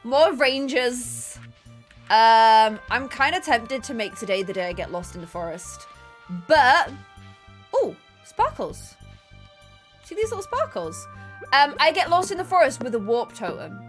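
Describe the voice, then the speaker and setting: A woman's voice: on the high side, animated, a little slow, faint music behind. A young woman hosting a casual gaming live stream, bubbly and giggly, chatting to her viewers and co-op friends. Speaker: streamer and host.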